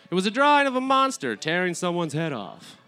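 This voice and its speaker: A man telling a funny personal story to a live audience, loud and laughing at his own punchlines. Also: sits high, huge pitch swings, fairly quick, faint music behind.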